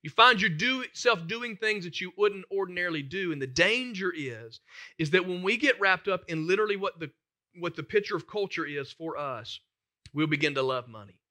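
A man's voice: sits high, expressive, normal speed, sharp tone. A man preaching a sermon as pastor, emphatic and conversational, putting questions to the congregation.

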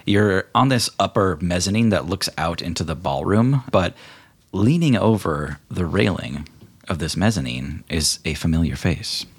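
A man with a very low voice narrates a tabletop role-playing game as game master. He talks in a loose, relaxed way, full of fillers as he sets scenes. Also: normal speed, breathy edge. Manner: relaxed, filler-heavy storytelling.

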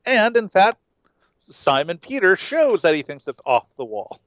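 Picture a man co-hosting a church podcast who talks high and animated, bouncing up and down in pitch as he acts out the people in the story. The sound is dry and close, with no room around it. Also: measured pace, no room sound. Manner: animated, acts out voices with big swings in pitch. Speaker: pastor and podcast co-host. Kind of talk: animated Bible discussion.

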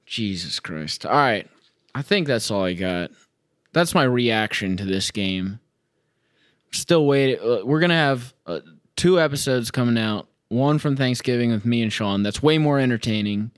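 A young man doing a solo sports podcast reacts to a game at home with sarcastic, sweary, exasperated ranting. His medium-pitched voice is animated, clear and resonant, at normal speed. The studio sound is clean, with no room sound.

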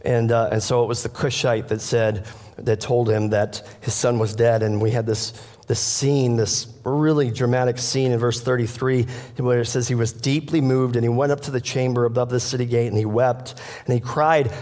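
Preaching pastor in a reverberant hall. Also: male voice, mid-range voice, a little mellow. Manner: earnest, storytelling, addresses congregation directly. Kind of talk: sermon. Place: church sanctuary.

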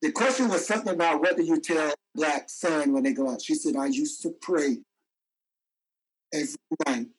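A man with a somewhat high voice telling a story on a discussion panel. He is animated and often stops to restart a sentence. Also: moderate pace, slightly rough, poor audio.

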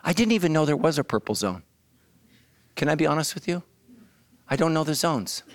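A man preaching a sermon as the pastor, animated and bursting into loud shouts. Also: on the high side, brisk, heavy background noise. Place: church.

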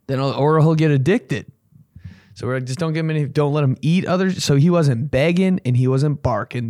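A man's voice: darkish tone, no echo, clean studio sound. A young man hosting a comedy podcast, telling a rambling, profane story and jumping into silly voices. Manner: profane, rambling, acts out voices with big pitch jumps.

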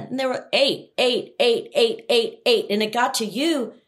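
A woman who coaches leaders, hosting a conversational interview in an earnest way and growing animated when she retells stories. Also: fairly high pitch, measured pace, few pauses. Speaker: leadership coach, podcast host.

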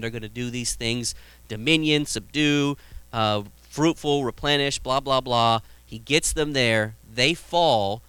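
A male pastor preaches a casual, conversational sermon in a medium-pitched, sharp, smooth voice with no echo. He acts out Bible scenes with humor, often restarting and repeating words.

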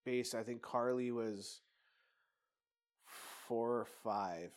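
A man's voice: mid-range voice, fairly even intonation, slow. Male podcast guest, casual storyteller, rambling and profane, plain voice.

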